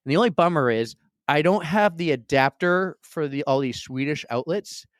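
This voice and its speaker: A man co-hosting a podcast from a hotel conference room, telling stories in a loud, excitable, energetic way. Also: on the high side, normal speed, clean tone, dry recording, clean studio sound. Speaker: podcast co-host. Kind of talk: casual chat. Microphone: computer setup.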